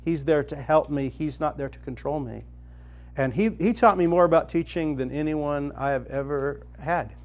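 Animated man telling a story to a group. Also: fairly high pitch, normal speed. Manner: storytelling, animated, talks to the room directly. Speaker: retreat speaker. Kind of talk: conversational teaching talk. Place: meeting room with a live audience.

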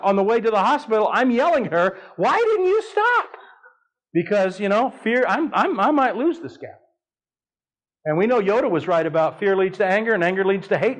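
Animated preacher man telling a story. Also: sits high, low-quality recording. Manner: animated storytelling, voice leaping up for dramatic quotes. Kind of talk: sermon with personal story.

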